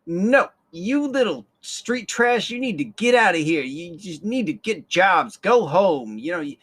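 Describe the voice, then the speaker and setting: A man's voice: high voice, expressive, a bit bright, voice pushed up, full character voice. A man putting on a scornful scolding woman. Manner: sneering, rapid scolding.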